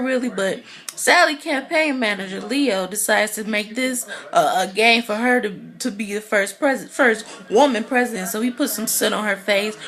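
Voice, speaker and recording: A woman giving a casual, excitable recap of a TV episode, chatty and full of "you know" fillers. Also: mid-range voice. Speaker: TV recap vlogger.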